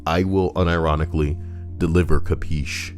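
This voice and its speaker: A man's voice: rumbling low, fairly even intonation, moderate pace, soft background music. A young man reading Reddit posts and riffing on them in a crude, joking, rambling way. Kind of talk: casual commentary.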